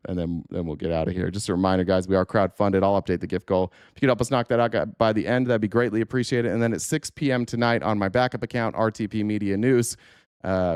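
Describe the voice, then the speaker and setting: A man's voice: low-pitched, a little mellow, clear, resonant tone, no room sound, studio quality. A man hosting a livestream, reacting in casual, rambling commentary with swearing, laughter and many fillers. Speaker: livestream host.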